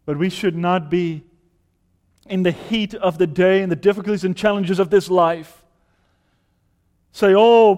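Impassioned male preacher in a reverberant hall. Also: fairly high pitch. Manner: impassioned, rising to loud emphatic appeals. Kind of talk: sermon.

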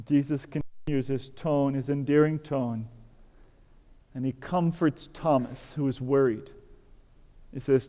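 A man's voice: mid-range voice, steady tone, unhurried, pauses often, warm tone, in a large hall, highs cut off. A man preaching a sermon as a pastor, earnest and building to fervent emphasis.

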